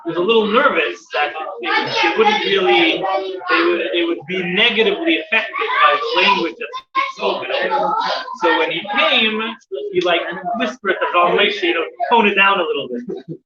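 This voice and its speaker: A man with a high voice tells stories to a class, stumbling over repeated words and restarting his sentences. He sounds far from the mic in a roomy, echoing space. The sound is dull, and a crowd can be heard around him. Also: sing-song, moderate pace. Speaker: teacher giving a weekly class. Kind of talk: storytelling in a religious class. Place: room with a live audience. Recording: distant, dull, roomy with audience.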